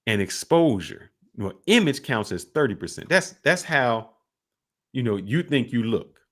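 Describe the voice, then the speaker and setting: A man hosting a podcast in casual chat, telling stories with animated, lively delivery. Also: measured pace. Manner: animated storyteller, jumps high when quoting others. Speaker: podcast host.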